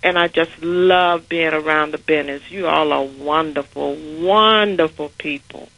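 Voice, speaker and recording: A woman's voice: low voice, a little slow, a bit bright, poor audio. A middle-aged woman calling in to a radio show, gushing with gratitude. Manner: grateful, gushing. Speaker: caller, honoree.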